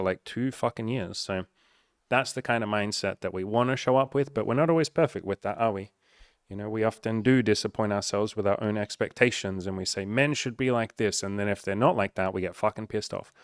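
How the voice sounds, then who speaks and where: A man's voice: on the low side, dry recording, clean studio sound. A man talking as a dating coach in a casual confessional vlog, candid and profane, speaking straight to his viewers.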